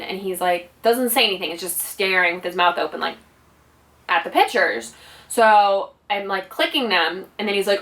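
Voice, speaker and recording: A woman's voice: medium pitch, expressive, normal speed, a bit bright. A woman vlogger telling a personal story in a casual, rambling way, full of "like" and "you know". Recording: voice slightly distant from mic.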